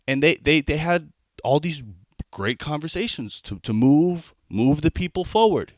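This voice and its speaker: A man's voice: fairly high pitch, expressive, measured pace, no room sound, clean studio sound. A young adult man doing a stand-up comedy set, talking conversationally with rambling asides and frequent restarts.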